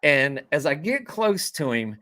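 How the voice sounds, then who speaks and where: Middle-aged fishing guide, animated yarn-spinner, dry close sound. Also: male voice, a little high, unhurried, no room sound. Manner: animated storyteller who acts out quoted dialogue. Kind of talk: casual storytelling.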